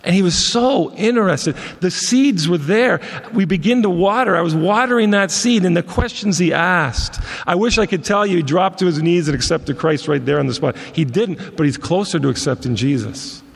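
A man with a fairly high, gravelly voice tells stories in a folksy sermon. His words ring out with the long reverb of a big hall. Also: moderate pace, hardly any pauses. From Montreal. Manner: folksy anecdotal storyteller. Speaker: ministry leader and guest speaker. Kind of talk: storytelling sermon talk.

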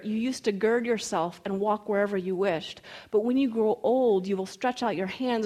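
A woman preaching a sermon, telling personal stories in an animated way and going soft and slow on key lines. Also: fairly high pitch. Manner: animated storytelling with quoted voices. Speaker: speaker.

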